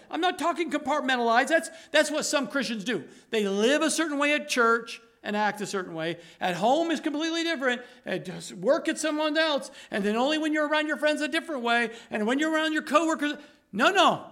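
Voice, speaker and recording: A pastor delivers a sermon with fervent urgency, repeating phrases for emphasis and at times dropping into a low, soft delivery. He speaks expressively and fairly quickly.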